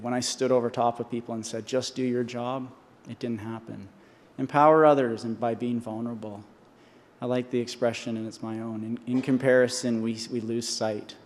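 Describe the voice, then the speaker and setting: A man's voice: mid-range voice, a little mellow. Earnest man speaking in a reverberant hall. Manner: earnest, with restarts and repetitions. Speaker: honorary doctorate speaker. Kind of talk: commencement speech. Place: large convocation hall.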